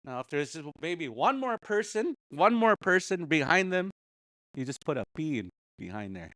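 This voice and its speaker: A man's voice: fairly high pitch, big pitch swings, normal speed, fairly bright tone, no room sound. A man teaching a casual language class, patiently repeating words and chuckling often.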